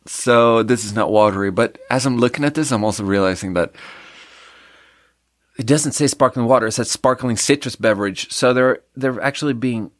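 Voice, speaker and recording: A man's voice: medium pitch, normal speed, no room sound, studio quality. A man hosting a podcast, chatting on his own while tasting a drink, rambling and mocking himself in an offhand way. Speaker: podcast host. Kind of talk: casual solo drink tasting chat.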